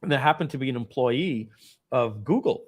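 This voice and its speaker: A man's voice: medium pitch, expressive, moderate pace. A middle-aged man, a company founder, telling a dramatic personal story at a company event and acting out the scenes.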